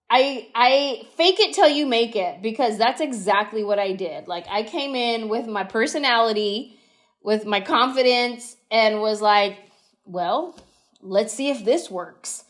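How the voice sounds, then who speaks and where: A woman comedian in her thirties, a podcast guest telling animated stories and slipping into quick impressions. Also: fairly high pitch. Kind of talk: storytelling podcast interview.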